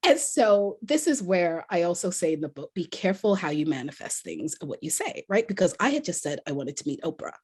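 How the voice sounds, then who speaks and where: A woman author and motivational speaker telling a story as a podcast guest, animated and laughing often. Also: on the low side, brisk, hardly any pauses, husky.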